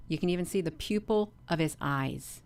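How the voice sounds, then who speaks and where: A woman hosting a casual livestream vlog, talking in an earnest, repetitive way with many pauses and ums. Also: low-pitched, a little mellow. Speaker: channel host.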